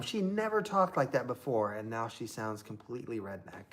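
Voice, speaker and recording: A man's voice: medium pitch, big pitch swings, moderate pace, fairly bright tone. A man from Southern Indiana hosting a live stream, chatting casually in a rambling way with lots of fillers.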